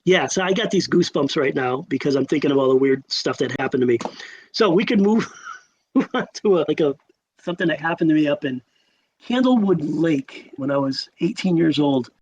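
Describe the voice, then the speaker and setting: Animated high-voiced man in his sixties. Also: a little fast, highs cut off, slight background noise. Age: 60s. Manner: animated storyteller with sudden rises in pitch and emphatic repeats. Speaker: guest. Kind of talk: storytelling in a podcast interview.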